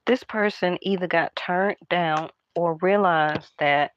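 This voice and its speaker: A woman doing a casual tarot card reading, talking in a hushed, half-whispered, chatty way to her viewers. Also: fairly low pitch, slow pace, hardly any pauses, highs cut off. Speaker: tarot reader.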